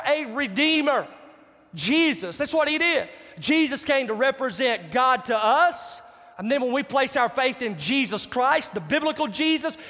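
Man preaching, very high voice, emphatic, long reverb, sermon. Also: sharp tone. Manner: emphatic, repeats key phrases, asks the congregation questions.

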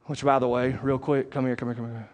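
A male pastor preaching a sermon, conversational and plain-spoken, moving between loud emphatic stretches and quiet asides. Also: medium pitch, little pitch movement, quick pace.

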